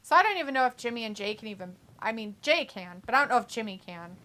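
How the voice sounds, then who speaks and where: A woman's voice: fairly high pitch, expressive, quick pace, pushed and bright. A woman co-hosting a wrestling watch-along live stream in casual chat, reading viewer comments aloud and reacting to them. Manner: chatty, reads chat messages then reacts.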